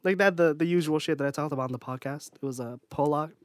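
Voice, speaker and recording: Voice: mid-range voice, quick pace, dry recording, studio quality. A podcast co-host in casual chat, a little out of breath, talking with animation, laughing often and trailing off mid-sentence.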